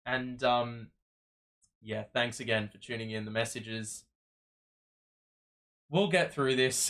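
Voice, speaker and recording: A man at mid pitch, talking on a fan livestream. His delivery is casual and weary, with a frustrated edge. He rambles and restarts his sentences as he goes. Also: measured pace, long pauses, a bit bright. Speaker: sports watch-party livestream host.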